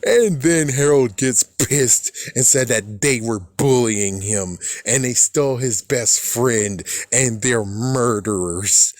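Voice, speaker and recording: A man's voice: mid-range voice, no room sound, clean studio sound. Rambling, cussing man recapping a show. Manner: rambling, profane, laughs at his own jokes. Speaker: fan reviewer. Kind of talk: casual recap and commentary.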